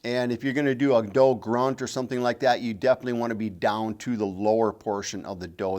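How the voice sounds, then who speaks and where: A man's voice: mid-range voice, fairly even intonation, quick pace, hardly any pauses, darkish tone. Man teaching game calling, patient. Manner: patient, repeats key points. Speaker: game call instructor. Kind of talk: instructional demonstration.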